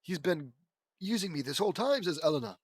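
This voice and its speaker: Guy reading fanfic out loud, kinda high voice, snarky little asides, dry close mic. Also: very animated, brisk, no room sound. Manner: mocking, wry commentary between read lines; lifts voice for quoted characters. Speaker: reader of fan fiction. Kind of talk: reading aloud with sarcastic asides.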